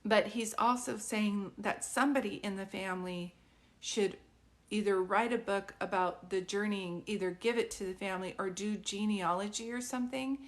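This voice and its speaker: A woman's voice: mid-range voice, normal speed. A woman working as a psychic medium, giving a live reading in a rambling, conversational way, full of fillers and often checking whether her words make sense. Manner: keeps checking if it makes sense; earnest, pleading tone.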